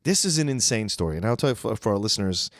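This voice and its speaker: A man co-hosting a film podcast, telling stories in a casual, excitable way. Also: fairly low pitch, racing, no room sound, studio quality. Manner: animated storyteller, excitable. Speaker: podcast co-host.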